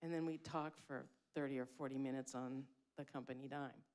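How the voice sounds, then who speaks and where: A woman's voice: a bass voice, fairly even intonation, brisk, darkish tone. A woman giving a candid, heartfelt spoken tribute at a memorial; she is blunt and swears freely. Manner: heartfelt and emotional. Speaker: eulogy speaker at a memorial.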